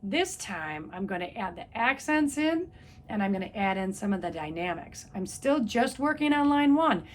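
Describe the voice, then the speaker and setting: A woman's voice: mid-range voice, sing-song, moderate pace, slight background noise. A woman music teacher giving a patient, step-by-step trumpet lesson, counting beats aloud. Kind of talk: instrument lesson video.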